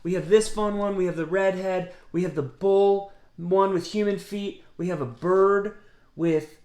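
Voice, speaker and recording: A man reading a picture book aloud, gently pausing to ask his listeners questions. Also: high voice, steady tone. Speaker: storybook reader. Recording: roomy echo.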